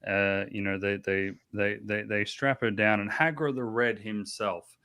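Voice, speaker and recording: A man's voice: lowish voice, steady tone, unhurried, sharp tone, clear, resonant tone. A man narrating as game master, with many restarts and fillers.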